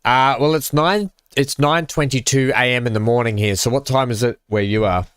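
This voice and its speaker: Aussie guy streaming a game, chats with viewers and laughs a lot, smooth clean voice, dry close sound. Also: mid-range voice, moderate pace, a bit bright, no echo. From Australia. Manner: chatty, joking with chat, laughs often. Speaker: live-stream gaming host. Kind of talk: casual live-stream chat while playing.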